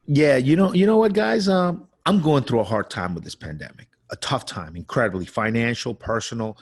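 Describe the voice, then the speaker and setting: Guy rambling on a podcast, kinda husky, cusses a lot. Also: medium pitch, animated, a little fast. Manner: loose, swearing, laughing often. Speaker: podcast co-host. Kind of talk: casual chat.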